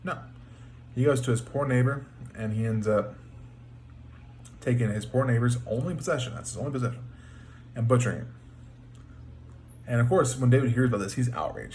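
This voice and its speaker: A man's voice: mid-range voice, fairly quick, pauses often, darkish tone, a little hiss or hum. A man who blogs as a trucker, retelling a Bible story in an informal, slangy way with frequent restarts. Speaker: trucker video blogger.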